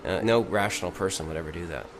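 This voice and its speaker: A man's voice: deep voice, fast talker, very noisy. A man giving interview testimony, hesitant and stumbling over his words. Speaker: eyewitness interviewee. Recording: loud music behind the voice.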